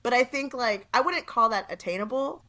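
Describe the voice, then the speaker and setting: A woman's voice: a little high, animated, fairly quick, sharp tone. A woman guest on a podcast chatting casually, rambling and hesitant, full of "like" and "um". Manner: rambling, hesitant, filler-heavy. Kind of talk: casual chat.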